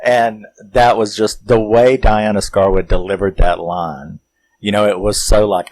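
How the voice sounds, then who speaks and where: Deep-voiced man recapping a film. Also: unhurried, rough recording. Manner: rambling, animated retelling with acted-out quotes and chuckles. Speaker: movie review host.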